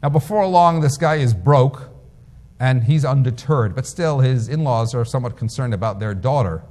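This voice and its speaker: A rabbi delivering a sermon, telling stories with emphatic, lively delivery. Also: male voice, medium pitch, normal speed. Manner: storytelling, emphatic. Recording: long reverb.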